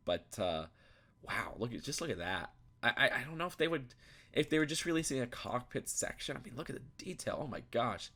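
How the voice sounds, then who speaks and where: Young male reviewer, lowish voice, rambling, thinks aloud, restarts often. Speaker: YouTube reviewer. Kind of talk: casual commentary while browsing.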